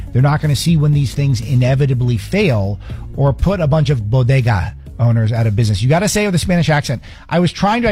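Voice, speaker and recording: Male commentary host, sarcastic and opinionated; husky, mellow tone. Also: mid-range voice. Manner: sarcastic, scoffing, rapid asides.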